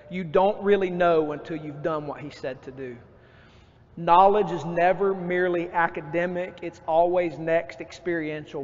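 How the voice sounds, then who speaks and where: A man preaching a sermon as pastor, lively and acting out his own outbursts. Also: sits high. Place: church sanctuary. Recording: dull church recording with long reverb.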